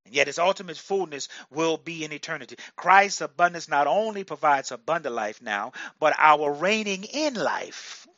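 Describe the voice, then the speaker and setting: A male preacher delivering a sermon, repeating phrases for emphasis and breaking into sudden loud bursts. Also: a little high, lively intonation, normal speed, hardly any pauses, dry recording, lo-fi sound.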